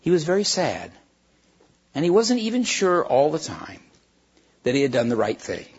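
Male storybook reader, husky tone, homey read-aloud with slips, dull lo-fi recording. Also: on the high side, huge pitch swings, normal speed. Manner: storytelling with small stumbles and restarts. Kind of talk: reading a children's book aloud.

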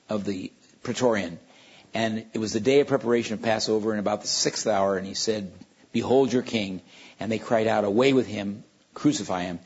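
A man's voice: medium pitch, husky, highs cut off. A man preaching a sermon. He reads scripture aloud and stops often to explain it.

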